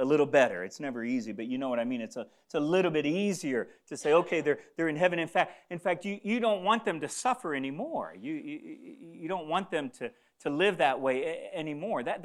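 A male pastor delivering a sermon in a fairly high voice. His pitch rises and falls widely as he moves from loud, fervent declarations to soft, hushed lines. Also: expressive, a little fast, hardly any pauses. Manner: preaching with swings from loud fervor to hushed near-whispers.

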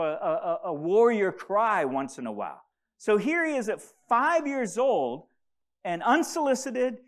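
A man preaching a sermon as pastor, often repeating and stumbling over words and having the congregation say verses aloud with him. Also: high-pitched.

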